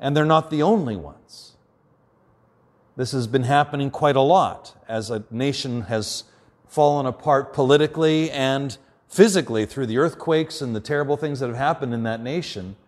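A man preaching a sermon as pastor, earnest, often dropping quiet and slow for emphasis. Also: medium pitch.

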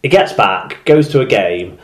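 A man's voice: fairly low pitch, animated, unhurried, roomy sound. A man co-hosting a sports podcast in casual chat, reading out fan messages. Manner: chatty, reads out fan messages. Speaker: podcast co-host.

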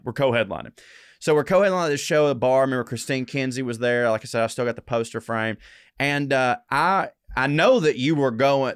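A man's voice: mid-range voice, fairly bright tone, no echo, clean studio sound. A man co-hosting a podcast, telling a long story in casual, profane chat. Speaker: podcast co-host.

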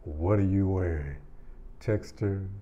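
A man's voice: sits low, slow, dark tone, dull audio. A man casually reviewing fragrances in a laid-back, slangy and enthusiastic way. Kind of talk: casual product review chat.

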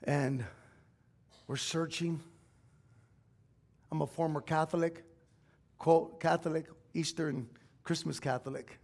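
A middle-aged man, a pastor, preaching a sermon in a church, telling a personal story in an emotional, confessional way that swells at times into shouting. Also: on the high side, fairly even intonation, takes it slowly, pauses often. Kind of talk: sermon testimony. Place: church sanctuary.

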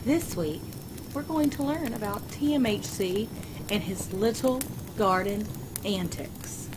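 A woman reading a crude comic fan story aloud in a deadpan, unhurried way. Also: medium pitch. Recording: noisy background ambience.

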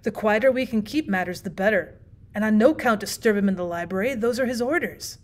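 A woman's voice: medium pitch, a little fast, close to an everyday voice. A woman reading aloud, voicing a cool, mischievous young man who speaks carelessly and matter-of-factly about dreadful plans. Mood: calmly sinister. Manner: calm, careless, matter-of-fact.

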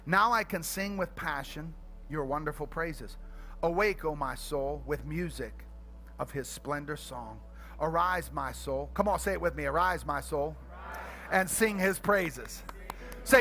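Energetic and full of comic stories, the sermon comes from a middle-aged male pastor whose voice is fairly high and whose pace is measured. He shifts between quiet asides and loud shouting.

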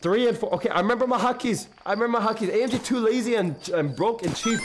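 A man live-streaming a video game, reacting loudly and chatting with his viewers in slangy, excitable bursts. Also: sits high, quick pace, background noise. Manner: excitable, loud outbursts, slangy, talks to chat. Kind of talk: casual live-stream commentary.

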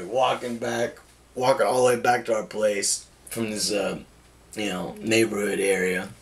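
A man's voice: mid-range voice, fairly bright tone. A young man casually telling a wild personal story, laughing often and swearing freely.

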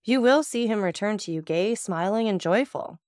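A woman reading the lines of a composed, persuasive nobleman in an audiobook, courteous and measured. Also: medium pitch, animated, darkish tone, no echo, clean studio sound, pitched above the performer's own voice, lightly acted.

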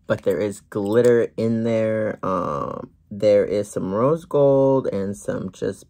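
A gloss-brand owner talks slowly through a product showcase from a corner at home. The voice has a gravelly, fry-laden edge and a mid pitch, with frequent ums and easy asides. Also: dark tone.

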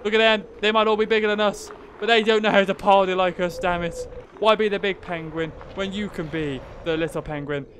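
Man, high voice, casual gameplay commentary, joking and excitable, faint background noise. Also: fairly quick. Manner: joking, excitable, swears freely. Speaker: gaming youtuber.

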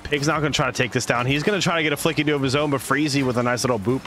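A man's voice: medium pitch, fairly even intonation, very fast, fairly bright tone, soft background music. A man hosting a stream and adding playful, jokey color commentary, greeting viewers along the way.

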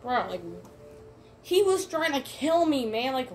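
With soft music playing in the background, a female gamer narrates a let's play in a high voice that's a little slow. She gets excitable, repeats herself, yells at the screen, and keeps saying "bro" and "man."

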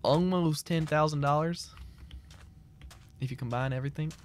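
A man's voice: a little high, normal speed, slight background noise. A man streaming a game, chatting casually in a loose, slangy, rambling way as he answers his chat. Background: keyboard clicks and typing.

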